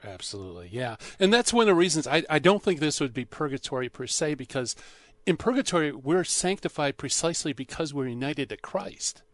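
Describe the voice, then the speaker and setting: A man with a slightly high voice chats casually and agreeably on a radio talk show. He adds easy comments and questions in a dry, close sound. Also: very animated, fairly quick, dry recording. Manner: agreeable, chuckling, conversational.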